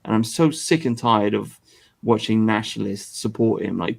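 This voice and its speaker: A man's voice: fairly low pitch, normal speed, vocal fry, husky. A man hosting a podcast, ranting in crude, exasperated casual talk. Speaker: podcast host. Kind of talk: casual profane commentary.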